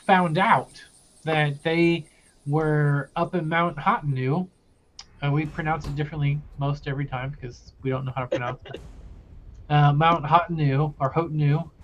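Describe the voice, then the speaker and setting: A young man recapping a tabletop campaign as game master, loose and rambling with many pauses. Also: on the high side, slight background noise.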